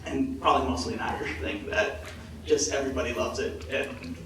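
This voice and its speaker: A man's voice: mid-range voice, steady tone, fairly quick. A man asking a question from the audience at a convention panel, eager and stumbling over his words. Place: large convention hall. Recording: echoey hall, distant mic, crowd noise.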